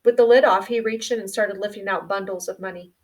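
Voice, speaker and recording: A woman reading a novel aloud in a quiet, subdued storytelling manner. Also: medium pitch, steady tone, quick pace, distant mic. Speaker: audiobook reader.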